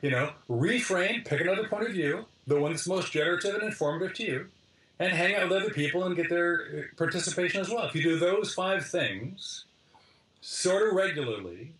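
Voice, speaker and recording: Middle-aged male guest, lively storyteller, slightly high voice, distant and roomy. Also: fairly quick. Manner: lively, restarts phrases, summarizes points in lists. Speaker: guest, design lecturer. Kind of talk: animated interview storytelling.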